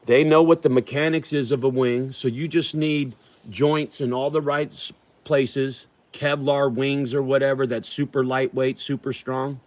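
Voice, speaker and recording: A man's voice: medium pitch, steady tone, measured pace, a little mellow. Profane, rambling livestream host, a man. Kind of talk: casual livestream chat, answering viewers.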